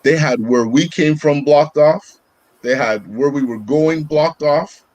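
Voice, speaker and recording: A man co-hosting a casual podcast, telling a story step by step in relaxed slang. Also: fairly high pitch, measured pace, dry recording, muffled recording. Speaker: podcast co-host.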